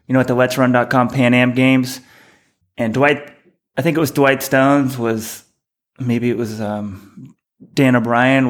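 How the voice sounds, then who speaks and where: A man with a mid-range voice co-hosts a laid-back podcast chat. He tells stories at length in a rambling, easygoing way. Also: medium pitch. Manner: rambling storyteller. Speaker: podcast co-host. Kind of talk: casual chat.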